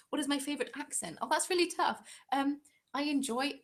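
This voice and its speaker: A woman's voice: high-pitched, fairly quick. A young English woman hosting a crafting live stream, chatting casually and reading out viewer comments in a giggly, rambling way. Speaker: crafting channel host.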